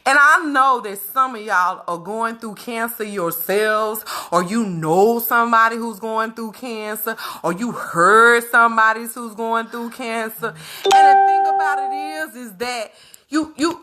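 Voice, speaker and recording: A woman talks straight to her viewers in a candid, casual monologue. Her voice sits high and sounds bright and forceful. She leans into her words and repeats phrases to drive them home. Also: measured pace. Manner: emphatic, repeats phrases for weight, animated. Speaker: vlogger speaking to her viewers.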